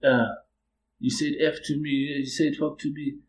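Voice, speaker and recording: A man's voice: little pitch movement, a little slow, lightly acted. A man mimicking a whiny tattletale coworker. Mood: mocking, whiny. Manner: high mocking laugh, whining. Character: whiny mocking male coworker, petty tattletale. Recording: roomy echo.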